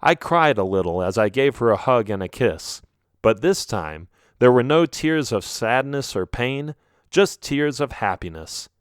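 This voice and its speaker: A man reading a children's ghost story aloud as an audiobook narrator, telling it in an expressive storytelling manner. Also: mid-range voice, a little slow, clear, resonant tone, no room sound, clean studio sound. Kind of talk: scripted narration.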